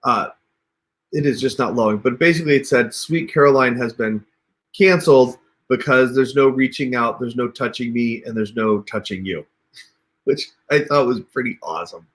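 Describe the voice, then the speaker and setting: The host speaks at normal speed in a mid-range, somewhat bright voice during his casual livestream tutorial. Using a computer mic, he chats through the on-screen steps and addresses viewers as "you guys."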